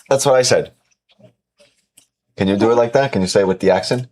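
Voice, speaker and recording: A man's voice: on the low side, a little fast, a little mellow. A man hosting a live stream from home, chatting casually, playful and teasing, swearing freely. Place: at home with kids and a dog.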